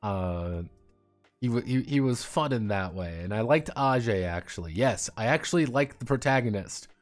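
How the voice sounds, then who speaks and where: A man's voice: medium pitch, normal speed, soft background music. A man streaming and chatting casually about games, rambling and swearing freely. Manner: rambling, profane, animated. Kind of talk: casual livestream chat.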